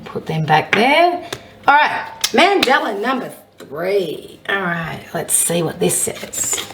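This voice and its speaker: A woman with a husky voice, a psychic medium giving a casual oracle card reading and reading affirmations aloud. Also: medium pitch, expressive, slow pace, recorded from a distance, noisy background. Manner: chatty, warm-hearted encouragement, reads affirmations aloud.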